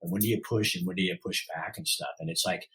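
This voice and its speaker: A middle-aged man, a podcast guest, telling his story in an animated way and acting out the dialogue. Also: low-pitched, fast, low-quality recording. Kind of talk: storytelling in an interview.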